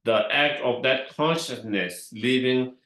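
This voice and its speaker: A man whose first language is Tibetan, giving a dharma talk in a slow, halting way with many fillers and repeated words. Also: mid-range voice, a bit bright. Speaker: Buddhist teacher. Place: meditation hall. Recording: echoey room.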